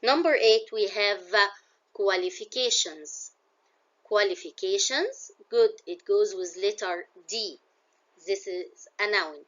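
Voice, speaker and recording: A woman's voice: mid-range voice, slow, fairly bright tone, muffled recording. A woman with an Egyptian accent teaching a classroom English vocabulary lesson. She explains words in English and glosses some of them in Arabic.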